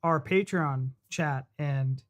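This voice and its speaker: A man's voice: fairly high pitch, slow. A man co-hosting a live stream, talking loosely and casually with the audience. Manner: loose and chatty, with fillers and restarts. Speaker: co-host of a reaction channel.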